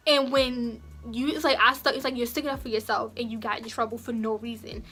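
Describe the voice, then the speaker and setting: A young woman vlogger telling a casual story, acting out the quotes in louder, raised voices. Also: fairly high pitch, fairly even intonation, brisk, few pauses.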